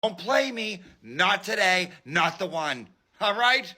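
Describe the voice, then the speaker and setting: A man's voice: high voice, sing-song, takes it slowly, bright, forceful tone, slightly rough, exaggerated voice. A man playing a brash, bossy woman judge, in a sassy, scolding, wisecracking parody sketch. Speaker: comedian.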